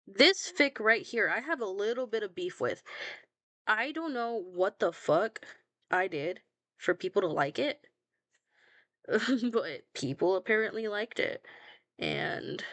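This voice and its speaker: A woman's voice: medium pitch, fairly bright tone, no echo. A young woman chatting casually about her own fan fiction, blunt and self-mocking, swearing freely and laughing at herself. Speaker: fanfiction writer scrolling her own archive.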